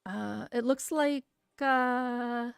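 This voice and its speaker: A woman reading a visual novel aloud in a soft, soothing voice, with casual, swearing asides. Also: fairly high pitch, very slow, gravelly, smooth, no echo, clean studio sound. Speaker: streamer reading a game aloud.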